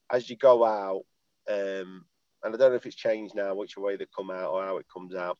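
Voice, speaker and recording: Man, low voice, dry dull call audio, rambling and swearing, chatting from a parked car. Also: dark tone, no room sound. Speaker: podcast guest, former footballer. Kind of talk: casual chat over a call. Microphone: video call.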